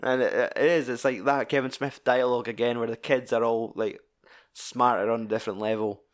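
A man's voice: mid-range voice, steady tone, brisk. A Scottish man in casual film-discussion chat, swearing freely as he retells scenes with animation.

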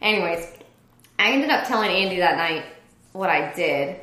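A woman with a lowish voice at a moderate pace, formerly a teacher and now a business owner, tells a personal story in a casual interview. She's animated, voicing other people's quoted lines, and the room audibly echoes.

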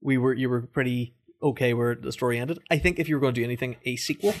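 A man's voice: medium pitch, steady tone, fast. A man co-hosting a sports podcast, giving his opinions. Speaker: podcast co-host. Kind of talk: casual sports chat.

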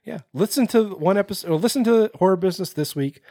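A man's voice: sits high, fast talker, warm tone, dry recording, clean studio sound. A man co-hosting a casual podcast chat, rambling with many fillers and restarts. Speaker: podcast co-host.

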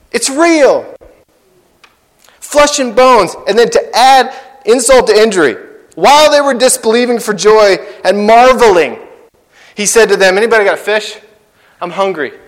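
High-voiced chatty male preacher in a hall. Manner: conversational, animated, full of fillers and asides. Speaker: guest preacher. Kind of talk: sermon.

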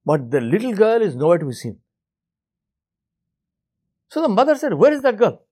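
A man preaching in a storytelling sermon, acting out the voices of the people in his story and dropping low for the lesson. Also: wildly swooping pitch, moderate pace, dark tone, slightly rough.

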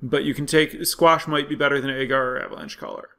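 A man's voice: mid-range voice, lively intonation, fast, creaky, sharp tone. A man giving casual, analytical commentary on card game statistics, thinking aloud with frequent fillers and restarts.

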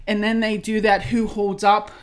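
Chatting casually as a podcast co-host, this woman speaks at a moderate pace with medium pitch. Her storytelling is animated, and she acts out her own reactions along the way.

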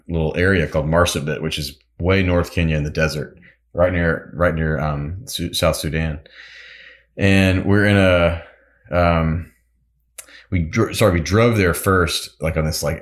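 A man with an extremely deep voice tells long, easygoing stories as a guest in an interview. He rambles a little, full of fillers and restarts. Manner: rambling, filler-heavy anecdotes. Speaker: guest, musician and pilot. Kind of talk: casual interview storytelling.

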